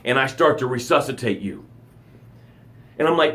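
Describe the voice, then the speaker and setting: A man's voice: medium pitch, normal speed, long pauses. Middle-aged guy coaching live on camera, big swooping voice, dramatic motivational talk. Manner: dramatic, animated delivery with acted-out sounds and gasps. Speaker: life coach. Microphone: camera for a live stream.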